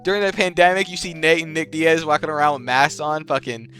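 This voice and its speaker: Rambling young man with a bright voice. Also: a little high, steady tone, fairly quick, clean tone, soft background music. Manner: rambling, slangy, swears freely, laughs at his own jokes. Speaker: channel host. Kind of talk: casual tier-list commentary.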